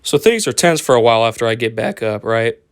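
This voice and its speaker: Young guy rambling through a story time, smooth voice, dry sound, cusses a lot. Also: mid-range voice, animated, quick pace, no room sound. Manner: rambling, profane, lots of fillers and restarts.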